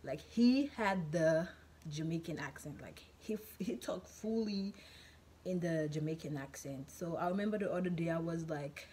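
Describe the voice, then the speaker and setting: A woman vlogger chats through a storytime, rambling along with lots of "like" and restarts. Her voice sits on the low side, with a faint hiss of noise in the background. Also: moderate pace, warm tone. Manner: chatty, rambling, many fillers and repeats. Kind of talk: casual storytime.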